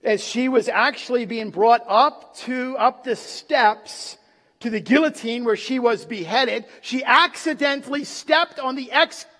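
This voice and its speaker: A man preaching a sermon in a church, dramatic, pausing for effect and acting out the quotes he gives. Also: very high-pitched, a bit bright. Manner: dramatic, with pauses and acted quotes. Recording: long reverb of a large hall.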